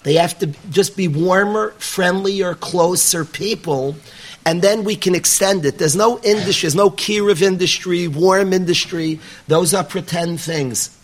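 Earnest high-voiced man preaching. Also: a little slow. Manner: earnest, emphatic, repetitive phrasing. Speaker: rabbi teaching yeshiva students. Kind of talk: sermon with storytelling. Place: room with a live audience.

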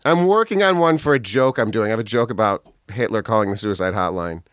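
A male comedian guest with a lively, bouncing voice that swings up and down as he jokes. He talks in a loose, chatty way and laughs often. The sound is close and dry. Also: fairly low pitch, fast, no echo. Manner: animated, joking, laughs a lot. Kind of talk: casual chat.

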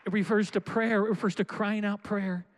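A man's voice: sits high, fairly even intonation, moderate pace, some chatter behind, a little hiss or hum. A man preaching a sermon as pastor, pleading in repetitive prayer and urging his congregation with calls of "come on". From Florida.

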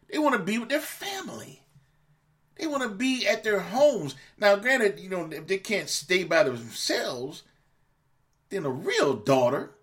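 A podcast host with a somewhat high, slightly bright male voice launches into an angry, profane monologue at his listeners. He scolds them and repeats words as he works himself up.

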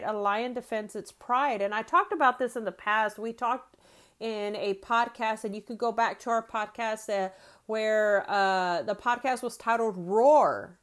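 Casting: woman, fifties, faith podcast host, chatty and searching, voice slightly high. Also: fairly bright tone. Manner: conversational, frequent "right?" and restarts. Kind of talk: faith-based podcast teaching.

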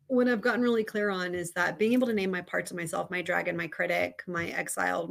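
Candid lower-voiced woman telling a story. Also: vocal fry. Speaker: podcast guest. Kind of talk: casual interview conversation.

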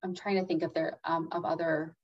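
A woman talking casually as a guest expert on calming anxiety, with many fillers and acted-out inner voices. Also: deep voice, brisk. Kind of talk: casual interview talk. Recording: slightly dull lo-fi sound.

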